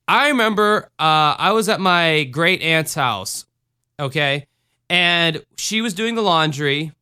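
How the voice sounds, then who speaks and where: A young man talks through a book review in loose, profane, rambling chat, dropping into stories along the way. His voice sits a bit high and comes across bright. It is clear and ringing. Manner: rambling, profane, animated storytelling. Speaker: podcast co-host reviewing a book. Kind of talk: casual chat.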